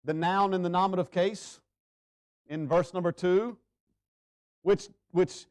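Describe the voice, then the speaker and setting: A male pastor preaching a sermon in a church, swinging between loud urgent stretches and hushed, drawn-out emphasis. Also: high voice, steady tone. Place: church sanctuary.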